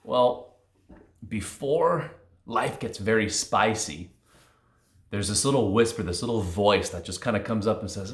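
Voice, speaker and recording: A man's voice: fairly low pitch, measured pace. A man giving an earnest, conversational motivational talk, often restarting his sentences. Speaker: motivational speaker. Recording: roomy echo.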